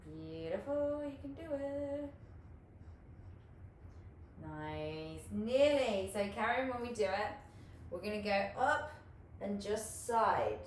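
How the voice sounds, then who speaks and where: A woman's voice: medium pitch, expressive, slow, pauses often. A woman teaching an online hula hoop class, chatty and encouraging, swearing casually and laughing often. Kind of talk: live online class coaching. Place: home room, online class. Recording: echoey room, far from the mic, faint hiss.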